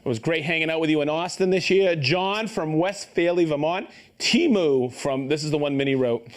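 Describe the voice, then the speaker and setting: A man's voice: a little high, moderate pace. A man hosting a live stream, upbeat and joking as he reads out viewers' names and hometowns and stumbles over some of them. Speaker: host of a live tool show.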